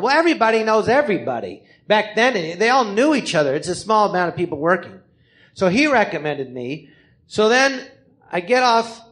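Animated, rambling comedian storyteller. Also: male voice, high-pitched. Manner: rambling, animated, self-correcting. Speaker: comedian telling stories on his own podcast. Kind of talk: live comic storytelling. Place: live podcast theatre.

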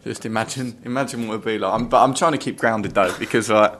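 A man co-hosting a casual fan podcast, thinking things through aloud in a measured way. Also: fairly low pitch, fairly even intonation, fairly bright tone, a little hiss or hum. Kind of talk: casual chat.

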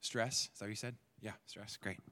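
Low-voiced man teaching in a reverberant church. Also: fairly even intonation, moderate pace, pushed and bright, a little hiss or hum. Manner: conversational, quizzes the audience and repeats their answers. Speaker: speaker at a church. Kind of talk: interactive teaching talk. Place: church hall. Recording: long hall reverb.

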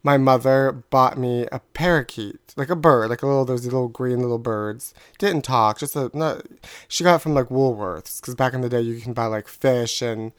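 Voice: medium pitch, moderate pace, smooth, no echo. Dry, close-sounding casual storyteller. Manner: chatty storyteller, laughs at own story. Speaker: podcast co-host telling a story. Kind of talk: casual chat, anecdote.

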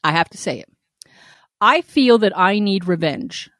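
A woman co-hosting a podcast, telling a story in a lively, profane way and acting out the quoted lines. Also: medium pitch, measured pace, dry recording, clean studio sound. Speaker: podcast co-host. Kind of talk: casual podcast chat.

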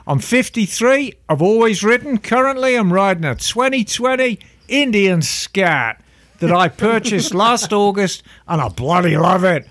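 A man's voice: high-pitched, animated, measured pace, a bit bright. A man reading out a letter as a middle-aged Australian motorcycle fan, in an Australian accent. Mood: cheery. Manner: reading a letter aloud, cheery.

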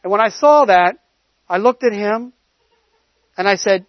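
A man with a notably high voice delivers a sermon, moving from a conversational personal story into exhortation. He leans hard on certain words with rising emphasis. The recording sounds muffled and dry, with no room echo. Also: expressive, measured pace. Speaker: preacher.

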